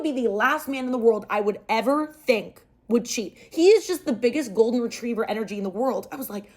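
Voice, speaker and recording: A young woman retelling a story aloud in a chatty, animated way. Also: fairly high pitch, a little fast, hardly any pauses.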